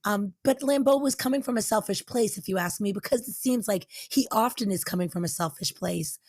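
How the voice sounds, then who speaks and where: A woman's voice: medium pitch, a little fast, a little mellow, dry recording, clean studio sound. A woman co-hosting a movie podcast, giving thoughtful, opinionated analysis in casual chat. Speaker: podcast co-host.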